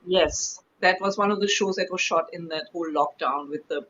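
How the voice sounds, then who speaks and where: A woman with a German accent, an actress guest chatting in an interview, telling stories in an animated way with frequent restarts. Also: on the low side, normal speed, dull audio, a little hiss or hum. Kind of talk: casual interview chat.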